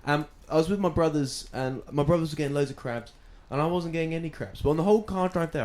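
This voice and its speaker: A man's voice: a little high, quick pace, hardly any pauses, darkish tone. A man co-hosting a podcast from a sofa at home, chatting casually and telling rambling stories into a handheld mic. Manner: rambling storyteller, many restarts. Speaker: podcast co-host. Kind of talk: casual chat.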